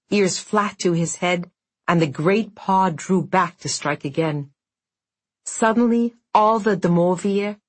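A woman reading an audiobook in a measured, dramatic storytelling manner. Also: medium pitch. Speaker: audiobook narrator. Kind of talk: scripted narration.

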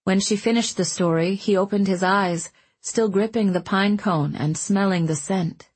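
A woman reading a story aloud as an audiobook narrator, in a calm, even manner. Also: mid-range voice, moderate pace, slightly rough. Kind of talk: scripted narration.

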